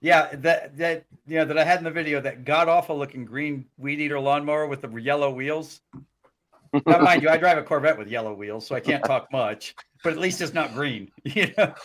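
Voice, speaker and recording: Brief: male stream host, jokey and chatty, a little high-voiced. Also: fairly bright tone. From United States. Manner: jokey, laughs at his own lines. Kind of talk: casual chat on a live stream.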